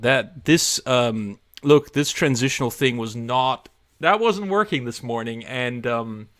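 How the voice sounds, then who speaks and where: A man's voice: medium pitch, fairly bright tone, no echo, studio quality. A man hosting a laid-back live radio stream, chatting casually and rambling with self-mocking asides and lots of fillers.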